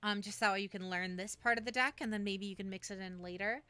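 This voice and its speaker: A woman's voice: medium pitch, steady tone, quick pace, bright, forceful tone, clear, resonant tone. A woman streamer in casual livestream chat, coaching a friend through building a deck, with many fillers and restarts.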